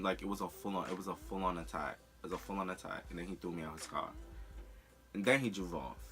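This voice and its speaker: A young man telling a personal story in a candid, profane, animated way on a storytime vlog. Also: lowish voice. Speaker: vlogger.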